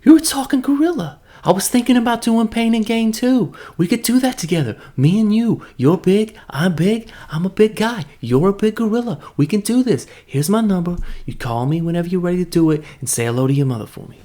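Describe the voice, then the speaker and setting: A man putting on the voice of a chummy, excitable male movie star, high and loud, pitching ideas quickly. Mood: pushy excited.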